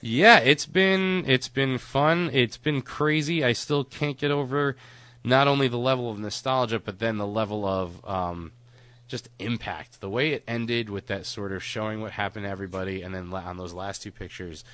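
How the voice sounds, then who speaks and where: A man's voice: lowish voice, moderate pace, a bit bright. A man co-hosting a podcast, chatting casually and rambling, with frequent laughs and casual swearing. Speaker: podcast co-host.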